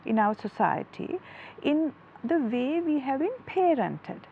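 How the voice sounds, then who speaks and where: A woman's voice: high voice, very animated, takes it slowly, gravelly, dull audio, a little hiss or hum. A woman, a psychology guest on a talk show, explaining earnestly through a story. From Sri Lanka. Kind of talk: studio talk show interview.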